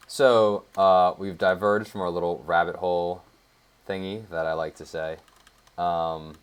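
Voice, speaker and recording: Deep-voiced man rambling through code. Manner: rambling, thinks aloud with many fillers. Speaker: web developer. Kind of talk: casual screencast coding tutorial.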